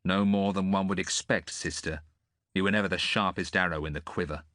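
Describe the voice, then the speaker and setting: A proud young prince speaks with cold, scornful contempt in a deep voice, as a man puts him on. The recording is dry and close. Every word carries disdain. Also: steady tone, fairly quick, a bit bright, dry recording. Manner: haughty, scornful.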